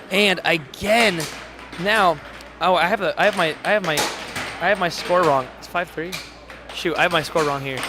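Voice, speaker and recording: Male live-stream commentator, high, hoarse, chatty, noisy venue. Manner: excitable, chatty, reads chat aloud. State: voice going hoarse. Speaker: air hockey commentator and streamer. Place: tournament hall.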